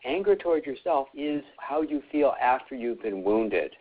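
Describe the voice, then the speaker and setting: A man leading a call-in workshop, explaining calmly with plain everyday examples. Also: medium pitch, moderate pace. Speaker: workshop leader taking callers. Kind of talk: conversational coaching call. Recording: tinny phone-like line.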